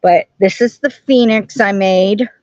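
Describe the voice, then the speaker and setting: A woman's voice: medium pitch, measured pace, darkish tone, no room sound, lo-fi sound. A woman hosting a casual live stream from home, chatting and greeting viewers by name. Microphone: camera on tripod.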